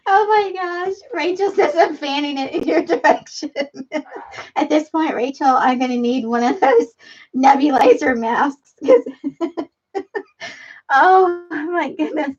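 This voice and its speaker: A woman's voice: high-pitched, animated, takes it slowly, pauses often, a little mellow. A woman hosting a casual live stream, reading viewer comments and laughing helplessly. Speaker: livestream host. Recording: dull lo-fi stream audio.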